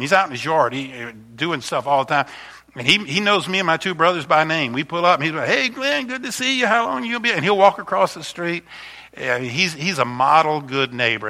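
Bright-voiced pastor telling stories. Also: male voice, a little high. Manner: chatty, warm storytelling with frequent restarts. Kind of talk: casual sermon with slideshow.

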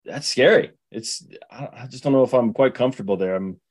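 A man hosting a podcast in a relaxed, self-deprecating way, chatting casually and laughing often. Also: medium pitch, a little fast, slightly rough. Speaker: podcast host. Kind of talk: casual chat.

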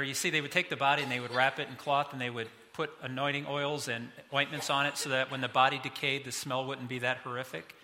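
A middle-aged man preaching a sermon as pastor, animated, his voice climbing high when he gets excited. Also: quick pace, long reverb tail.

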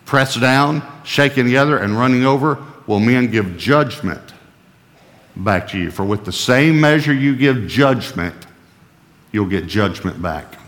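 A male pastor preaching a sermon with emphasis, who slows right down to read scripture and keeps checking with his audience. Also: mid-range voice, fairly bright tone, long reverb tail.

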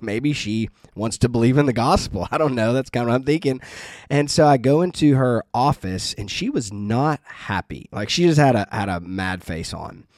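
A man's voice: medium pitch, a little mellow, dry recording, studio quality. A man teaching about the Bible in a casual, earnest way, telling a personal story and using many fillers.

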